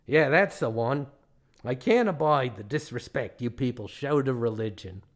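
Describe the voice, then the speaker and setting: A man's voice: mid-range voice, expressive, normal speed, lightly acted. A man voicing a blunt, scornful Australian male tour guide, in a put-on Australian accent.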